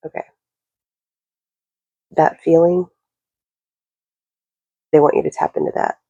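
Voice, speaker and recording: A woman's voice: sits low, flat delivery, unhurried, long pauses, warm tone, slightly rough, dry recording, lo-fi sound. A woman giving a casual spoken reading to camera, rambling with lots of fillers and the odd swear word.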